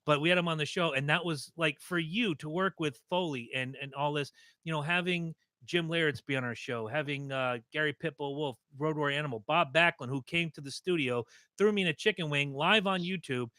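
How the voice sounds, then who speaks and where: A man hosting a podcast, animated and joking, acting out quotes in his stories. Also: fairly high pitch, brisk, no room sound, studio quality. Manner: animated, acts out quotes in loud voices. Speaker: podcast host. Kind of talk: casual podcast interview.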